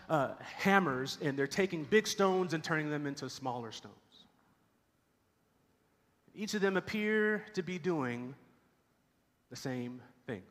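A man's voice: on the high side, a bit bright, big-room sound. A man preaching a sermon as pastor, telling a story and doing voices for its characters. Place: church sanctuary.

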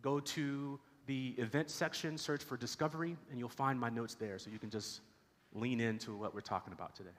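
A man's voice: mid-range voice, fairly even intonation, brisk, few pauses, long reverb tail. A man preaching a sermon as pastor, telling a story and doing voices for its characters. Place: church sanctuary.

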